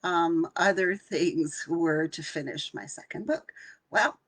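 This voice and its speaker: Slow, breathy older woman guiding meditation. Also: lowish voice. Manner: calm and soft, with some lines half whispered. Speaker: intuitive channeler hosting a live session. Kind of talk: gentle guided meditation talk.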